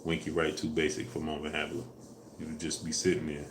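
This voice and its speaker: A man hosting a casual live stream, answering viewers in a relaxed way with fillers, louder when asking for likes. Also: a bass voice, fairly quick, noisy background. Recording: echoey room with faint ambience.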